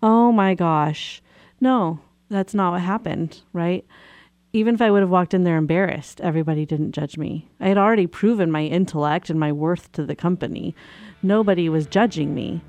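Woman, radio host, therapist, casual storytelling, laughs a lot, animated, dry close sound. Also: fairly low pitch, fairly quick, dry recording. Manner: laughs often while telling stories, animated. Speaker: radio show host and marriage and family therapist.

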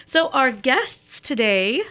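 A woman's voice: sits high, sing-song, slow pace, bright, forceful tone, soft background music. A woman radio host reading a poem aloud and then giving community announcements in a chatty, lightly joking way.

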